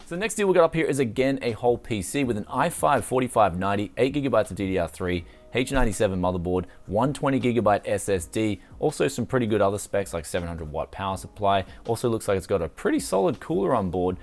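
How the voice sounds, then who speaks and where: A man's voice: on the low side, expressive, quick pace, hardly any pauses, a little mellow. A man hosting a tech channel, upbeat and jokey, narrating a hunt for used computer parts. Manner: upbeat, jokey, full of slang. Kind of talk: casual vlog narration.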